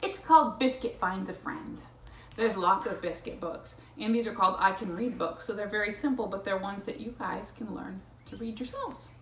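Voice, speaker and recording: A woman reading picture books aloud to a child, playful and animated, breaking into animal sounds. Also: mid-range voice, normal speed. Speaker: storytime reader. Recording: echoey room, faint noise.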